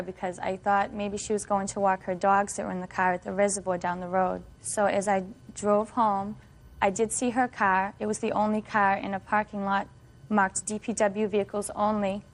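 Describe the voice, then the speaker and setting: Middle-aged woman, court defendant, even flat delivery, detailed storytelling. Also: mid-range voice. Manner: long, detailed storytelling with fillers. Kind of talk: courtroom testimony.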